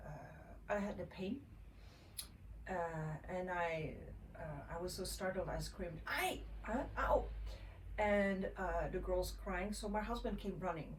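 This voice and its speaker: A woman, a mother sharing her own experiences in a gentle, reflective way, often pausing and restarting. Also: on the low side, fairly even intonation. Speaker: mother sharing parenting tips. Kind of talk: casual personal storytelling. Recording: voice a little far from the mic, faint ambient noise.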